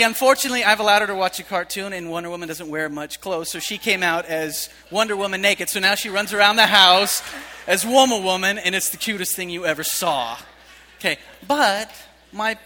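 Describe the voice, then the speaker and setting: A pastor delivers a lively sermon, his voice pitched high for a man and ringing with forceful brightness. He tells stories with energy and bursts into shouted punchlines. His words echo with a long reverb through a large church hall. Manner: animated storytelling with shouted punchlines.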